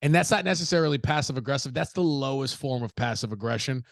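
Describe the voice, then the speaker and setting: Blunt, profane man with a gravelly voice. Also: mid-range voice, quick pace, no echo, studio quality. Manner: blunt, profane, animated asides with acted-out quotes. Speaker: podcast host. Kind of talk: casual solo podcast commentary.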